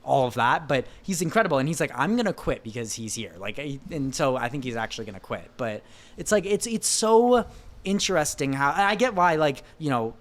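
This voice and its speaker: A young man, a car photographer, telling animated stories in a casual podcast chat. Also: fairly high pitch. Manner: animated storyteller, quick laughs.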